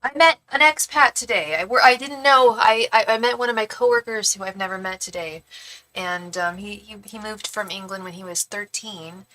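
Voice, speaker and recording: A woman's voice: mid-range voice, moderate pace, pushed and bright. A young woman hosting a live-stream, chatting casually and rambling with many restarts. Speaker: tarot reader livestream host.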